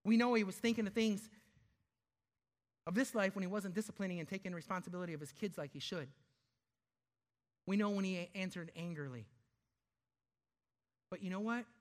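A man preaching a sermon, emphatic, asking rhetorical questions and slowing down to stress key words. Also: high voice. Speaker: pastor.

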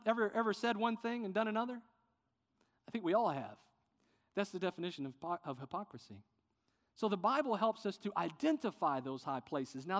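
A man preaching a sermon as pastor, earnest and sometimes softening with emotion. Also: high-pitched, long reverb tail. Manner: earnest preaching, quieter and tender when emotional.

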